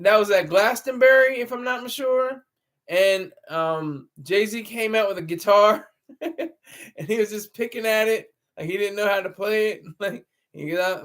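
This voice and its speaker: His voice is high and fairly bright as he hosts a casual livestream, picked up by a laptop camera mic. The man rambles, laughs frequently, and responds to his chat.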